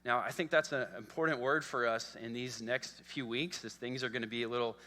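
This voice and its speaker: A man's voice: mid-range voice, fairly even intonation, a little fast, bright, forceful tone. A man preaching a sermon as pastor, earnest and prone to repeating words and checking in with "okay?". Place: church sanctuary. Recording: long church hall reverb.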